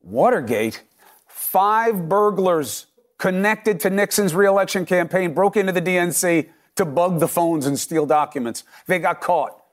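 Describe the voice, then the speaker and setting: A man's voice: high-pitched, unhurried. A middle-aged man anchoring a cable news commentary segment, punchy and emphatic, firing off rhetorical questions.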